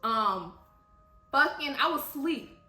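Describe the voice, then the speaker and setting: A woman with a fairly high, very lively voice tells stories casually and swears freely, laughing often as she talks. The room sounds roomy and echoey, with clear music playing underneath. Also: slow pace. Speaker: vlog co-host. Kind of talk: casual storytelling.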